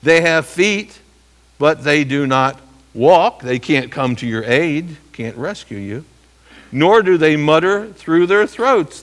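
Reading Bible verses aloud, a man with a medium-pitched, slightly bright voice delivers an expository sermon. His manner is emphatic, and he keeps putting rhetorical questions to the audience.

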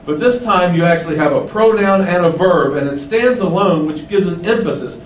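A man preaching a sermon, teaching slowly and emphatically, stressing key words with rising pitch. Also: expressive, roomy sound, distant mic, slight background noise, poor audio.

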